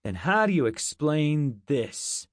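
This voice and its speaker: A man voicing a smug, scheming American commander with an American accent, speaking in a smooth, sly way. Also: fairly high pitch, very animated, takes it slowly, no room sound, studio quality, pitched above the performer's own voice.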